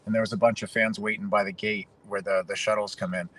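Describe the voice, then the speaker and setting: A Canadian man, a fighter guest on a podcast, telling animated, emotional stories in casual conversation. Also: lowish voice, fast talker, low-quality recording. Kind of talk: casual interview.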